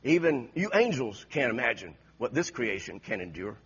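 A sober, emphatic creator God, as a husky-voiced preacher speaks for him. The voice is low and breathy, close to the speaker's own, and the recording sounds dull and lo-fi. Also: male voice, big pitch swings, normal speed, a bit bright, exaggerated voice. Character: proud, tender creator God, male, unhurried.

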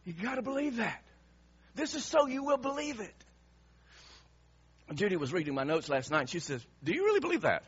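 Forceful, husky male preacher. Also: sits high, animated, moderate pace, pauses often, lo-fi sound. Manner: emphatic, repeats questions to the congregation. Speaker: pastor. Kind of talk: sermon.

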